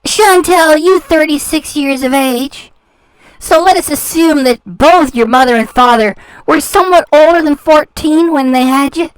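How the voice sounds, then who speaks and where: Measured in pace and pitched high, a woman's voice comes through with no room sound. She runs a reaction channel and rants sarcastically, taunting and scornfully repeating words.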